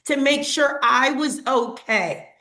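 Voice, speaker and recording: A woman's voice: sits high, slow pace, pushed and bright. A woman on a team video call, earnestly and emotionally thanking the leaders who helped her. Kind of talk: heartfelt talk on a group video call. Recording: echoey room.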